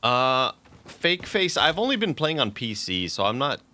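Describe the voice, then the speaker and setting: A man streaming a video game, excitable and profane, laughing and talking to his chat. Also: medium pitch, a little slow. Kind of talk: live gameplay commentary. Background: game music and sound effects.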